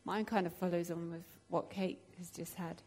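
A woman giving an emotional, halting testimony in a church group, with many pauses and fillers. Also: fairly low pitch, fairly even intonation, a little mellow. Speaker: church member sharing a testimony.

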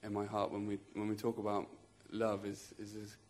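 A man's voice: lowish voice, monotone, normal speed, a little mellow. A man speaking earnestly in a church group, plain-spoken with frequent restarts. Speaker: church member sharing a testimony. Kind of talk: spontaneous testimony in a group.

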